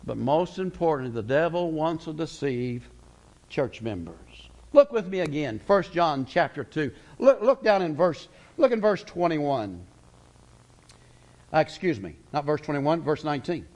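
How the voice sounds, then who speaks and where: Preacher guy, kinda high voice, folksy, slows way down then rushes. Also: sing-song, a little mellow, poor audio. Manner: folksy storytelling preacher, pace swinging slow and fast. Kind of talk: sermon.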